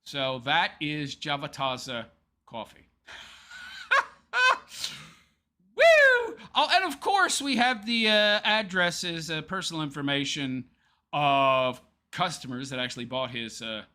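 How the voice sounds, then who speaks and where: Animated, high, sharp-toned mocking man. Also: slow. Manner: sarcastic and taunting, laughs often. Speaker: show host. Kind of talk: mocking commentary over a clip.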